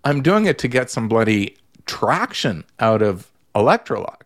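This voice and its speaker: A man's voice: medium pitch, sing-song, moderate pace. A man, a therapist guest in a casual radio chat, telling an exasperated story full of restarts.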